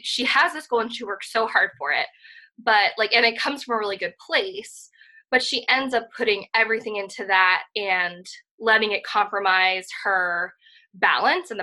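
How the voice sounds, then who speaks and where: A woman's voice: on the high side, bright, forceful tone, rough recording. A woman co-hosting a casual podcast chat, earnest and enthusiastic, talking in a rambling way full of "like" and "um". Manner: rambling, filler-heavy, frequent "like" and "um". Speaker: podcast co-host.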